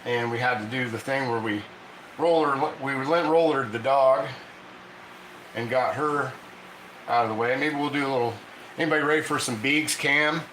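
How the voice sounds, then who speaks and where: A man's voice: medium pitch, normal speed, fairly bright tone, reverberant, slight background noise, low-quality recording. A man hosting a casual cooking stream, chatty and laughing often as he coaxes his dog through tricks. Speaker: cooking channel host. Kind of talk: casual live cooking chat.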